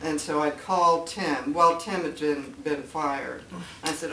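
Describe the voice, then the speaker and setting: An older woman speaking as guest at a writers' meeting, chatty and animated, acting out quoted voices as she tells stories. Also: sits low, slow pace, hardly any pauses. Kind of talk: casual storytelling talk. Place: meeting room. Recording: far-off mic in an echoey room with faint noise.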